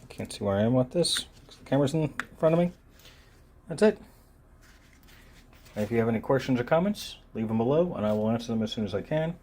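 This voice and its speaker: A man casually reviewing a multitool on camera, talking in a relaxed, meandering way with frequent ums and uhs while he handles it. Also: lowish voice. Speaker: gear reviewer. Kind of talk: unscripted product review. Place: filming himself while handling the tool.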